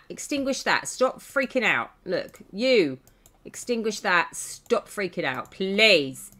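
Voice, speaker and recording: A woman's voice: medium pitch, unhurried. Chatty woman streaming a game. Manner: chatty, excitable, laughs often, scolds game characters. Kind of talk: casual gameplay commentary. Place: home.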